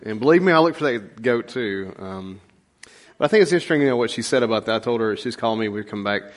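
A man's voice: mid-range voice, expressive, fast. A man giving a rambling, folksy sermon full of stories and fillers. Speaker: pastor. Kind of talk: conversational sermon.

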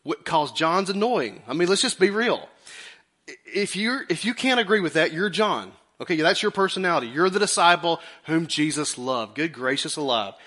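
A male pastor preaching a folksy, animated sermon, acting out quotes in a high put-on voice.

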